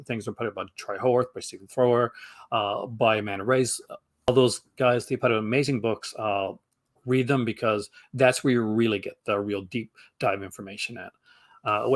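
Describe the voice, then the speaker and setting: A man's voice: on the low side, steady tone, fairly quick, no echo. A man from Canada with a Canadian accent, chatting as a guest on a live stream, enthusiastic and rambling with lots of fillers and restarts. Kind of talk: casual chat.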